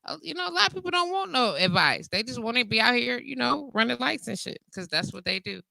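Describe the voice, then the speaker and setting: A woman in her 40s talks fast in a fairly high, creaky voice, recorded without echo. As host of an informal internet radio call-in show, she's open and animated, laughing often and reading out comments.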